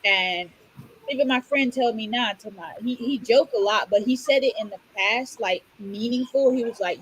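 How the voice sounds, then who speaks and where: A young woman from Orlando who tells stories in a blunt, animated way, swearing freely in casual podcast chat. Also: on the high side, normal speed, slight background noise, poor audio. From Orlando, Florida. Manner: blunt, animated storytelling with profanity.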